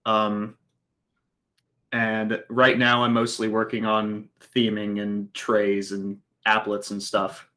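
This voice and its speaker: A man's voice: fairly low pitch, completely flat delivery, slow, bright, forceful tone. A young man, a student, introducing himself on a video call in a rambling, self-deprecating way.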